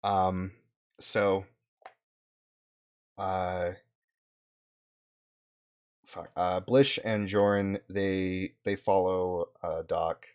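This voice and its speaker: Give me a deep-voiced man narrating as game master, halting and casual. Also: flat delivery, clear, resonant tone. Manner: halting, many fillers and swearing.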